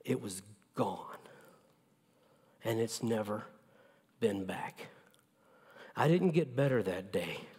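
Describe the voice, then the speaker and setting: A male pastor preaching a sermon with emphatic delivery that drops to a hushed near-whisper in tender moments. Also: lowish voice, expressive, takes it slowly, pauses often, big-room sound, slight background noise. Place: church sanctuary.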